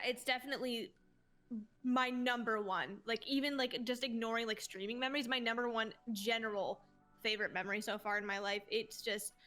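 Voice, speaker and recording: A woman's voice: on the high side, pushed and bright. A woman in her twenties, a streamer guest, telling stories in a casual interview in a gushing, heartfelt way and swearing casually.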